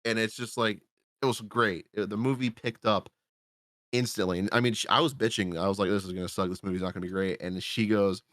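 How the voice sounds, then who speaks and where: Podcast guy, low-pitched and dry, loose profane storyteller who acts out his reactions. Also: steady tone, a little fast, fairly bright tone, no echo. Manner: rambling, swears freely, acts out his own reactions. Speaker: podcast co-host reviewing a film. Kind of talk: casual profane movie recap.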